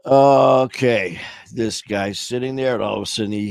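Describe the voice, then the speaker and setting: A man's voice: medium pitch, fairly even intonation, moderate pace, gravelly, no room sound. A man hosting a casual livestream chat. He rambles with lots of fillers and tells corny jokes. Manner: rambling, joking, many fillers. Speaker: livestream host.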